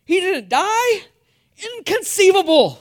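A man doing a shrill exasperated villain. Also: big pitch swings, fairly quick. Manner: exasperated shouting of one word. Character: scheming, excitable film villain, male adult.

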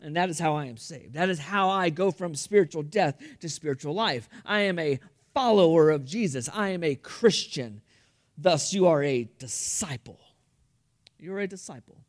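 A man's voice: fairly high pitch, expressive, moderate pace. A man preaching a sermon as pastor, telling a story earnestly, with frequent repetitions. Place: church room.

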